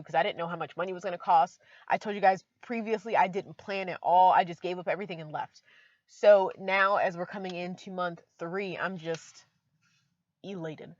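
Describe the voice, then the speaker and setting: A woman's voice: lowish voice, steady tone, normal speed, no echo, lo-fi sound. A woman vlogging from inside her car, chatty and emotional, with many fillers. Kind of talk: casual vlog talk to camera.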